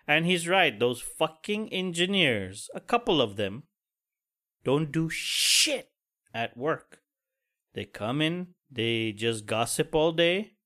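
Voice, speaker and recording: A man's voice: fairly high pitch, sing-song, slow pace, bright, forceful tone. A man hosting a solo podcast, venting about work in an angry, profane, pessimistic way. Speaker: podcast host. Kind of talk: casual solo podcast rant.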